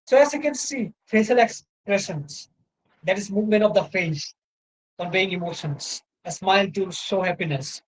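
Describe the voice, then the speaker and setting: Here a high-pitched male lecturer with an Indian English accent rambles through an online lecture indoors, checking in with "right?" and peppering in "you know." The sound, picked up by his laptop mic, is poor.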